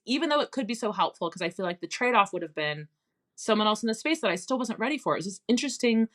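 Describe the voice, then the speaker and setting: A woman's voice: on the high side, lively intonation, fast, fairly bright tone. A woman in her thirties hosting a podcast in casual chat, speaking reflectively and thoughtfully. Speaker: podcast host.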